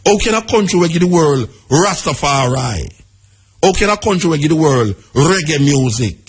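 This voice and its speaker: Husky Jamaican man preaching on radio. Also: a little high, expressive, moderate pace. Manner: preaching, rhetorical questions, patois-laced. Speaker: radio talk host. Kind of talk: impassioned radio monologue. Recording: radio broadcast.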